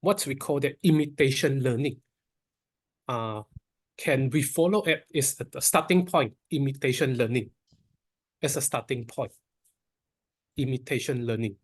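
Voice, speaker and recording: A man moderating an online Q&A session, reading out audience questions in a plain, steady way. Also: medium pitch, measured pace, long pauses, breathy edge.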